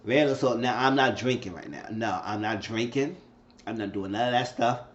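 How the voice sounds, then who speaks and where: This man's TV episode recap is casual and lively, full of acted-out quotes where his voice shoots up into high squeals for the characters. His pace is moderate, and the roomy, muffled home recording carries a little hiss or hum.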